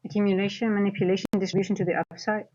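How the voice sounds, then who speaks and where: A woman's voice: mid-range voice, flat delivery, very fast, warm tone, muffled recording. A woman streaming live from home as a futures trader and coach, chatting casually and thinking aloud as she rambles through her trades. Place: at home, near a kitchen.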